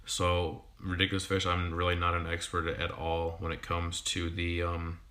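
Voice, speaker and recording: Deep, flat-voiced man rambling on a livestream. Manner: halting, full of ums and restarts. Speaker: fishkeeping YouTuber and sixth-grade teacher. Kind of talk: casual livestream chat.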